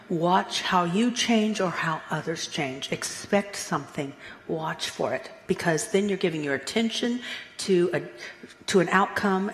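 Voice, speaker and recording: A woman minister giving a Sunday sermon in a playful, animated way, chuckling at her own asides. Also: on the low side, husky, big-room sound. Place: church sanctuary.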